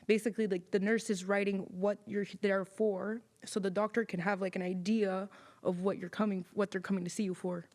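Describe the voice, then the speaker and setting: Young woman podcast co-host, lively storyteller, casual, a bit profane. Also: mid-range voice, fairly quick. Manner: animated storyteller, swears freely, acts out quoted people. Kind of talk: casual chat.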